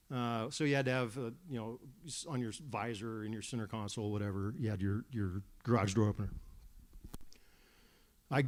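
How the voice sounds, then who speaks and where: Man telling a candid church testimony. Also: mid-range voice. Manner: candid storytelling with frequent restarts. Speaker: church member giving a testimony. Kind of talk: personal testimony at a church service.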